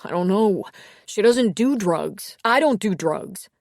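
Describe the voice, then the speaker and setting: A woman's voice: mid-range voice, animated, slow pace, vocal fry, no echo, studio quality. A woman voicing a seventeen-year-old boy who stammers and speaks frantically. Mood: panicked.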